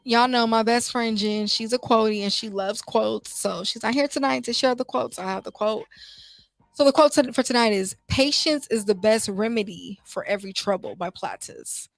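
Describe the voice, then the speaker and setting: A woman's voice: mid-range voice, normal speed, gravelly, no echo. A young woman host, talking in a heartfelt, conversational way with many restarts. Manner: heartfelt, conversational, lots of "you know" and restarts. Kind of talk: casual motivational talk show. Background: faint music.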